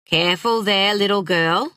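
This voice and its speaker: A woman voicing a grumpy older male widower in an audiobook, gruff and low when calm and yelling when panicked. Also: normal speed, no room sound, clean studio sound, recorded from a distance, natural voice. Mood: cautioning.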